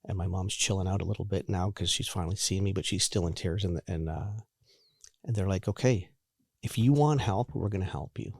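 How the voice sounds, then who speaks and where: A man in his forties telling his own recovery story in a halting, candid way, often repeating words and restarting. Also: deep voice, creaky, a little mellow, dry recording, clean studio sound. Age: 40s. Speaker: guest sharing recovery story.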